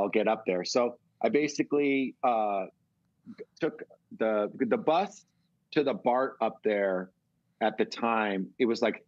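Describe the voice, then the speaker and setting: A middle-aged man from California, telling a long, animated story as a guest in a casual interview. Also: fairly low pitch, no echo, lo-fi sound. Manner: rambling, animated storytelling with swearing. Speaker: guest musician.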